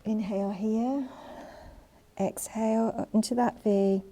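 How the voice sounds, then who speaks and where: A woman instructor leading an online Pilates class, calmly cueing and counting reps, slightly out of breath as she exercises along. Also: mid-range voice, a little slow. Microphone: worn mic.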